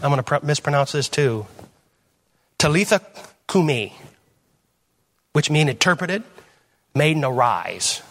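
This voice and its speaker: Preacher with rhetorical questions. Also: male voice, expressive, measured pace, long pauses. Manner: conversational, rhetorical questions, jumps between loud emphasis and low asides. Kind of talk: sermon teaching. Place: church.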